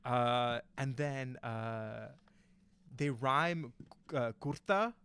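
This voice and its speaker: A man's voice: medium pitch, extremely slow, fairly bright tone, smooth. A young man casually telling a story on a podcast, rambling with lots of fillers and restarts. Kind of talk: casual chat.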